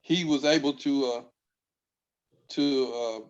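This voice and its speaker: A man in a church Bible study who talks in a casual, folksy way, with halting phrases and laughs between them. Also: medium pitch, lo-fi sound.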